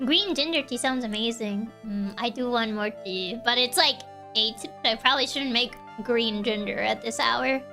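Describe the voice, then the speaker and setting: A woman's voice: fairly high pitch, normal speed, few pauses, pushed and bright, faint music behind. A woman streaming a game, chatting playfully with her viewers and laughing often. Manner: giggly, playful, chats with viewers. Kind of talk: casual chat while playing a game.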